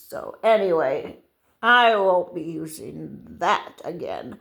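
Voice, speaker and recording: Slow, lively-voiced older woman. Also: on the low side, creaky. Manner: rambling, halting, with many restarts. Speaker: vlogger. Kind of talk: casual storytelling monologue.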